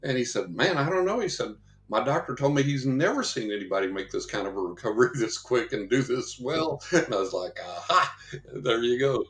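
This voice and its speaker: A man's voice: mid-range voice, expressive, brisk, a bit bright, reverberant, slight background noise. A man, a psychic investigator guest, telling rambling anecdotes in an interview and acting out the voices of people he quotes. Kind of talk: storytelling in a podcast interview.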